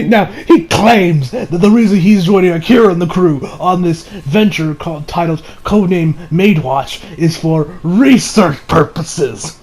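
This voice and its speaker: A man's voice: high-pitched, a little mellow. A young man reviewing an anime episode in a casual, rambling way, with many fillers and frequent laughter.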